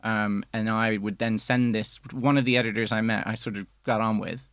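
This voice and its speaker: A man's voice: on the low side, moderate pace, no echo. A man, a film editor guest telling his career story in casual studio chat with fillers. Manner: relaxed storyteller, many fillers.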